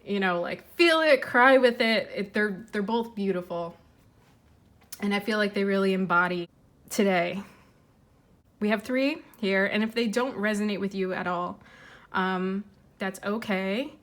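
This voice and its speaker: A woman giving an intuitive tarot reading, speaking gently and earnestly with frequent fillers and restarts, holding back tears. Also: mid-range voice, steady tone, a little slow, pauses often. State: tearful, fighting emotion. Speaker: tarot reader.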